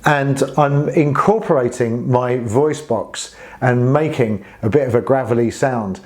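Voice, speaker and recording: Man, mid-pitched, earnest saxophone tutor with a casual spoken delivery and some demonstrated growls. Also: a little slow. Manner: friendly and earnest, demonstrating gritty growl sounds with his voice. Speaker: saxophone teacher.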